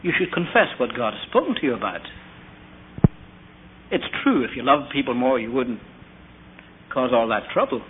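A man's voice: medium pitch, animated, moderate pace, pauses often. Tinny-sounding preacher man telling stories. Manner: earnest, anecdotal, asks the audience questions. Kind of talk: storytelling sermon. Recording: tinny lo-fi recording with faint hiss.

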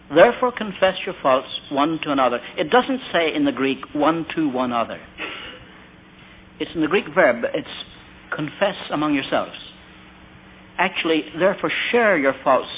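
A man's voice: mid-range voice, a little hiss or hum. Preacher man on a tinny old recording. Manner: storytelling with quoted asides and rhetorical questions. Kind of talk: sermon.

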